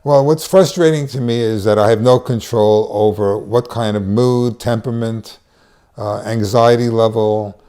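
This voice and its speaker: A man living with dementia talks frankly, pausing now and then to find his words. His voice is low, mellow and smooth. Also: steady tone. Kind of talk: interview testimony.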